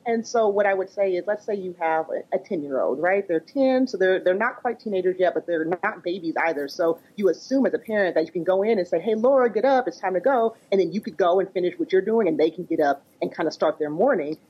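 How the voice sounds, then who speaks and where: Husky fast-talking woman, low-pitched. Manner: explains by acting out everyday examples. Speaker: psychotherapist and parenting coach. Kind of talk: conversational podcast interview. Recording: dull lo-fi audio.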